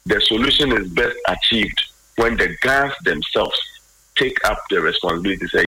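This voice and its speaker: A man's voice: lowish voice, normal speed, sharp tone, slightly rough, no room sound, low-quality recording. A man commenting on current affairs in a radio talk discussion, switching between Twi and English and stating firm opinions.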